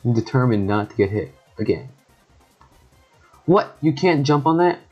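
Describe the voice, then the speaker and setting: A young man giving casual, joking gameplay commentary with quick excited reactions and sarcastic asides. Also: medium pitch, highs cut off. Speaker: gaming YouTuber. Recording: faint background music.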